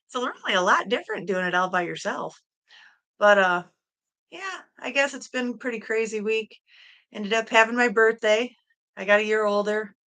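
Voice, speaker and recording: Bright-voiced, giggly woman livestream host. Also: on the high side, normal speed. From Michigan, USA. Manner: chatty, giggly, greets viewers by name. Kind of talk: casual solo livestream chat. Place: at home, in a room with a quilt hung on the wall.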